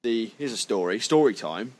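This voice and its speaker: A man's voice: fairly low pitch, animated, normal speed, crowd noise. A young man co-hosting a podcast, telling stories in a casual chat, swearing freely and sounding indignant. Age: young adult. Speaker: podcast co-host.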